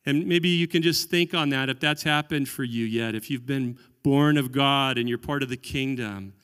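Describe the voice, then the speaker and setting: A man preaching a sermon as pastor, earnest, dropping softer when he voices quoted prayers. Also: mid-range voice, moderate pace, hardly any pauses, clean tone, big-room sound.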